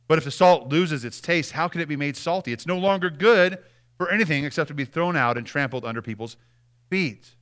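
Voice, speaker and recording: A man's voice: fairly high pitch, animated, a little fast, fairly bright tone. A man preaching a sermon, emphatic and direct, repeating key phrases and speaking straight to the congregation.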